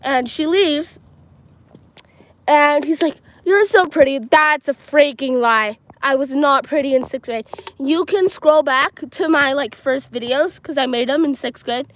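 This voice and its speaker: A woman's voice: high-pitched, a little slow, fairly bright tone, rough recording. A teenage girl telling a long rambling story on a phone livestream while walking around a school playground, full of "like" and "um". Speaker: livestreaming vlogger. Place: outdoors at a school field and playground. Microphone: handheld phone.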